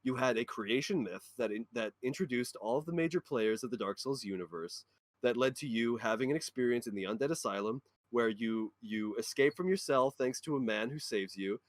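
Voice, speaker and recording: A man's voice: medium pitch, a little fast, no room sound. A man in a casual podcast chat, passionately ranting about a game. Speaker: podcast co-host or guest.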